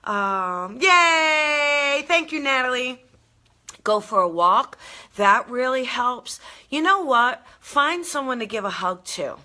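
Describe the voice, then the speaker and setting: A woman hosting a live motivational talk, bubbly and animated, laughing often and answering viewer comments as she goes. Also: high voice, slow, hardly any pauses. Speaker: intuitive coach and live show host. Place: live video stream.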